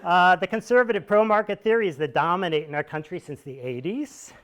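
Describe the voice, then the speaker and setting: Wry higher-voiced American man telling stories. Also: a little fast, fairly bright tone, smooth. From United States. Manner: wry, digressive, chuckling asides. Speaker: solo performer speaking to an audience. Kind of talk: conversational storytelling monologue. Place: small shabby theater.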